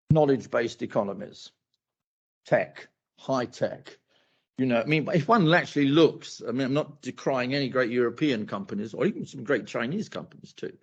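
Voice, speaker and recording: A man's voice: medium pitch, a little mellow, slightly rough. A male academic answering a question at a university talk, rambling with many asides and repeated phrases, on a dull lo-fi recording. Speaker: academic speaker.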